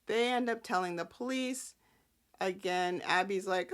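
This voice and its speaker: A woman hosting a casual soap-opera recap, sassy and animated, often breaking into character quotes. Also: medium pitch, a little slow. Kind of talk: casual chat.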